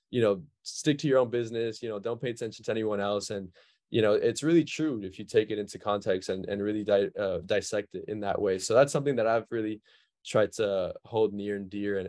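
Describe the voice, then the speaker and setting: Low-voiced man reflecting on mindset. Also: a little mellow. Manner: reflective, many fillers. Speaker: podcast guest. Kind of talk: casual podcast chat.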